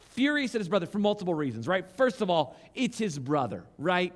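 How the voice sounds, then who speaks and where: A man preaching a sermon in a church, reading scripture slowly and acting out the voices of the people in the story with growing energy. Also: high voice. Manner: animated preaching, acts out quoted voices, reads scripture slowly. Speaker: pastor. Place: church sanctuary.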